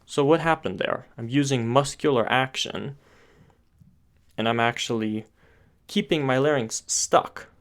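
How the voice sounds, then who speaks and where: Unhurried and mid-range, a man explains singing technique one step at a time. Thinking aloud, he frequently restarts his sentences, and he gestures with his hands toward his throat and face.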